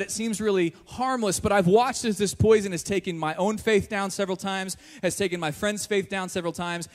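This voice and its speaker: A young pastor with a high, light voice tells his story with joking asides and quick shifts of energy. His words ring out with a long echo through a large church hall. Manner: jokey, animated storyteller. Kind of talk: sermon with personal story.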